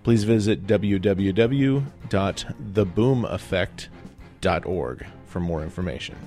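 A man's voice: deep voice, animated, takes it slowly, loud music behind the voice. A man speaking bluntly and crudely in a comedy sketch ad.

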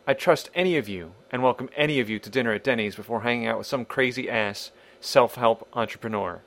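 A man's voice: medium pitch, brisk, vocal fry, fairly bright tone. A man hosting a podcast in a wry, irreverent monologue, swearing casually. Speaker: podcast host.

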